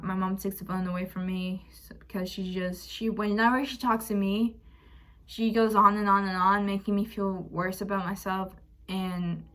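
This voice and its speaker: A young woman talks straight to her viewers in a candid, personal vlog, retelling a hard family ordeal. Her voice sits at a middle pitch. She sounds frank and emotional, acts out arguments with "I'm like" and lets a curse slip now and then. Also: fairly bright tone. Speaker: vlogger. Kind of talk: candid personal storytelling to camera.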